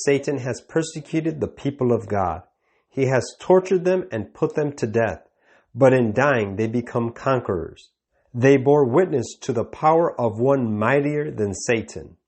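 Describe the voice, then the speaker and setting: A man presents a scripted ministry news report, reading reports and quotations at a steady, measured pace. His voice sits at an ordinary middle pitch for a man.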